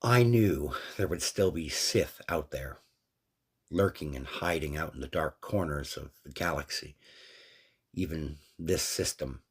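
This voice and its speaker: A man voicing a gentle, wry middle-aged woman who owns a café, in a fan story reading. He keeps her measured and quietly defiant. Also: extremely low pitch, breathy edge, full character voice.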